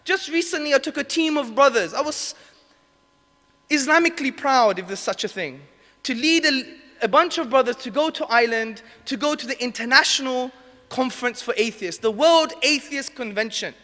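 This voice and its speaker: A man delivers a religious talk to a gathered audience, passionate and emotional, sometimes dropping to soft, intimate tones. His voice sits very high and sounds bright and forceful. His words ring out with a long hall reverb. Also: lively intonation, normal speed. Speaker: Islamic speaker.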